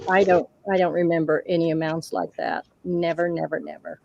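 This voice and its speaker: Dark-voiced woman hosting a craft livestream. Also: fairly low pitch, flat delivery, fairly quick, creaky, dull audio, slight background noise. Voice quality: laughs often while reading chat. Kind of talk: casual livestream chat.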